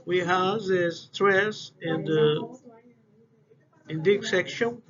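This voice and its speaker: Halting high-voiced man giving a class talk. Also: steady tone. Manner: halting, restarts phrases, non-native English phrasing. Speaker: student presenter. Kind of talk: class presentation on phonetics. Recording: dull lo-fi audio with faint hiss.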